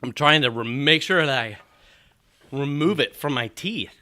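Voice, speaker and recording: A man's voice: on the high side, lively intonation, moderate pace, pushed and bright, dry recording. A man co-hosting a podcast, talking casually and matter-of-factly, coughing between remarks. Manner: matter-of-fact, coughing and laughing through the heat. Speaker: podcast co-host. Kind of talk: casual chat.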